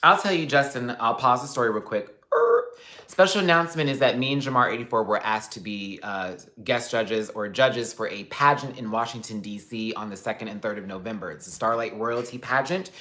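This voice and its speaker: A man hosting a relaxed livestream, telling a story in a lively, expressive way. He drops swear words freely and breaks off to thank his viewers by name. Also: medium pitch, fairly quick. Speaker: livestream host.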